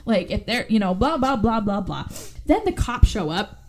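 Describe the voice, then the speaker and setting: A woman podcast host giving a casual movie recap, talking fast and chatty with lots of "like" and "right?". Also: mid-range voice, sing-song.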